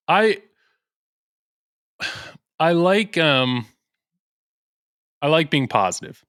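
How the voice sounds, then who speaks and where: A man's voice: on the high side, animated, extremely slow, clear, resonant tone, no room sound, studio quality. A man with a Midwestern American accent chatting casually as a podcast guest, rambling and restarting his sentences. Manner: rambling, self-interrupting, soft-spoken. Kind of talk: casual chat.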